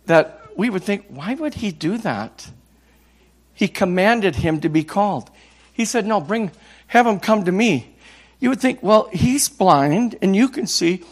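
A man in his sixties from Minnesota, an evangelist preaching a passionate sermon, repeating words and building to loud cries. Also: sits high.

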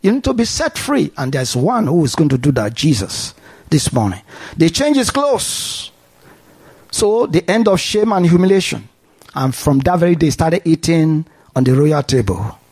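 A high-pitched man preaching a sermon. His delivery is animated and full of call-and-response, rising and falling as he urges the congregation on. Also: normal speed, husky.

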